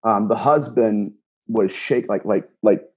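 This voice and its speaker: Husky low-voiced man telling a story. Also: measured pace. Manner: animated retelling, frequent restarts and repeated words. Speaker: guest, paranormal investigator. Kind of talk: storytelling interview.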